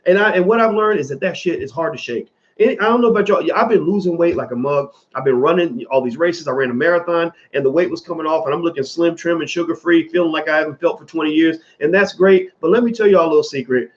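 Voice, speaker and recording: A man from the American South talks to his viewers in a loose, animated commentary. His voice sits a little high for a man, and he curses casually and repeats words to drive his point home. The audio sounds dull and lo-fi. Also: quick pace, hardly any pauses. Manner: animated, profane, repeats phrases for emphasis.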